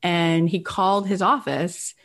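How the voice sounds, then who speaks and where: A chatty woman hosting a podcast tells a story in an animated, casual way. Her voice sits slightly low and she leans on "like" as a filler. She jumps into raised, excited voices whenever she acts out what someone said. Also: unhurried. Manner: lively acted-out quotes in a raised voice. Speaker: podcast host.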